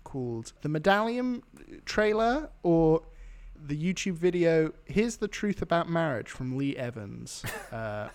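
British guy cohosting a podcast, dry teasing humor, bit higher voice. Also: sing-song, unhurried. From United Kingdom. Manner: dry, teasing, runs a quiz game. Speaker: podcast co-host. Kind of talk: casual podcast chat. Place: home setup on a laptop. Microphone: laptop or remote podcast setup.

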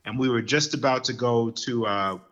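A man telling lively stories in casual podcast chat, getting worked up as he goes. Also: mid-range voice, moderate pace, dull audio. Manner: animated storyteller who gets worked up.

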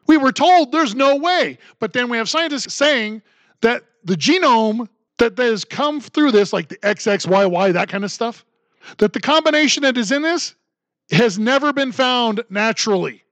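A man's voice: very high-pitched, expressive, moderate pace, a bit bright, dry recording. A man hosting a solo commentary podcast, talking in a sarcastic, ranting way. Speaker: podcast host.

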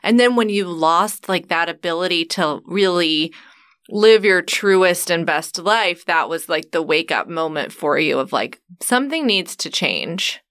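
Woman cohost chatting with a guest, warm questions, kinda far from the mic. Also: fairly low pitch, expressive, unhurried, smooth. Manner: empathetic, reflective questioning. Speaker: podcast co-host. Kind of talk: conversational interview.

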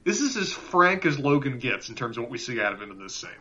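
Bright-voiced man on a dull, lo-fi mic. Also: mid-range voice, very animated, quick pace, a little hiss or hum. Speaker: podcast co-host. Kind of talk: casual TV recap chat. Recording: dull lo-fi sound.

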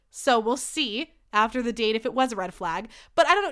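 A woman's voice: fairly high pitch, lively intonation, fast talker, hardly any pauses, a bit bright, clean tone. A young woman hosting her own podcast, chatting on her own in a rambling, flustered way with lots of "like.". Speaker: podcast host. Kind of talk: solo podcast chat.

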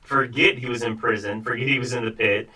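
A male podcast host with a bright, tense edge to his voice works up to his questions through examples. He sits a little back from the mic. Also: medium pitch, steady tone, fairly quick, breathy edge, far from the mic, rough recording. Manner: thoughtful, sets up questions with examples. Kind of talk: conversational interview.

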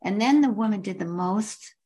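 Older woman telling a story with drawn-out emphasis. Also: medium pitch, mellow. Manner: vivid, repetitive description with drawn-out emphasis. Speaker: guest. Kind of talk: personal storytelling in a conversation.

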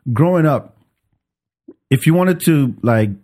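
Joking podcast host from France. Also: male voice, on the high side, animated, a little mellow. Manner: joking, quick reactions and banter. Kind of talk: casual podcast chat.

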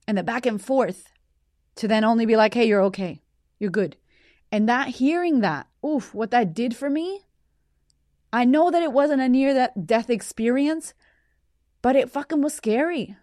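A woman's voice: fairly high pitch, lively intonation, normal speed, dark tone, no room sound. Woman host, 30s, raw and emotional storyteller who swears a lot, dry close sound. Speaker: podcast host. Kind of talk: personal storytelling monologue.

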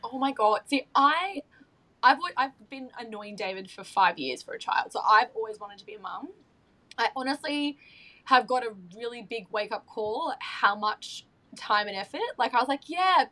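A woman's voice: on the high side, a bit bright, rough recording. A woman, chatting as a podcast guest, gushing and emotional, with many restarts and fillers. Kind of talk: casual chat.

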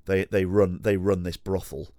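A man's voice: low voice, flat delivery, moderate pace, dark tone, no echo, clean studio sound. A man hosting a podcast alone, telling a rambling, sweary, self-deprecating anecdote full of restarts and asides. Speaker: podcast host. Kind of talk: casual storytelling monologue. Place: at home.

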